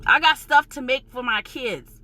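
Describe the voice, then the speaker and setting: Heated, high-voiced New York woman ranting. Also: normal speed, bright, forceful tone. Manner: heated, emphatic and profane, insisting she is passionate, not angry. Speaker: vlogger. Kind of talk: ranting vlog.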